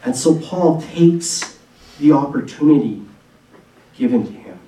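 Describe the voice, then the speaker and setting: A man preaching a sermon in an earnest, conversational way, with quick bursts and restarts, recorded in a church hall. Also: a little high, lively intonation, dark tone. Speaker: pastor. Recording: echoey room from a distance.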